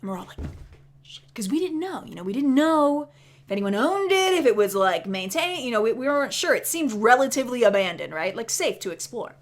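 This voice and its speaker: A woman telling a spooky story in a chatty, animated way, dropping into whispers for the scary parts. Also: on the high side, brisk. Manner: chatty, many fillers of "like". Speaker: vlogger. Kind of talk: casual storytelling.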